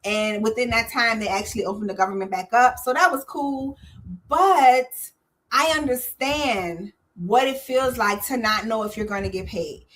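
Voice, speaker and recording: Bright, emphatic woman hosting a call-in. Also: a little high, moderate pace. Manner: energetic, emphatic, talks straight to the audience. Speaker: host of a call-in show on government contracting. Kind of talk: live call-in stream, direct to viewers.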